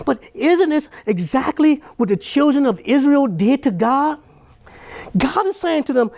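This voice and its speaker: Gravelly-voiced male preacher. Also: very high voice, very animated, a little slow, a little mellow. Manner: repetitive, building, emphatic preaching. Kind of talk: sermon.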